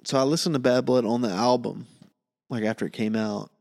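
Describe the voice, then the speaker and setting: A man's voice: medium pitch, steady tone, a little fast, gravelly, a little mellow, big-room sound. A young man co-hosting a casual podcast, joking and teasing his partner. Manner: teasing, jokey. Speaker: podcast co-host. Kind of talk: casual chat.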